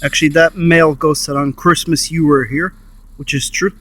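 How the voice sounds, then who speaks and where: A man's voice: on the high side, steady tone, moderate pace, a bit bright, a little hiss or hum. A man investigating the paranormal on location, calling out questions and then repeating and explaining what he thinks he heard. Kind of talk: casual on-location commentary.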